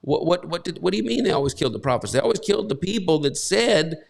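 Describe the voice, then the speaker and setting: A man preaching a sermon in a rather high, gravelly voice. He keeps asking rhetorical questions and drives each point home with emphasis, in a loose, conversational tone. His voice rings out with a long hall reverb. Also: expressive, fast talker. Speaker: pastor.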